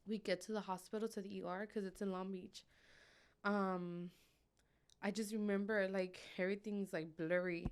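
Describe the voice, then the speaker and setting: A woman's voice: medium pitch, fairly even intonation, normal speed, clear, resonant tone. A woman as a podcast guest, telling a painful personal story in a casual, emotional way with many fillers. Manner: emotional, filler-heavy retelling.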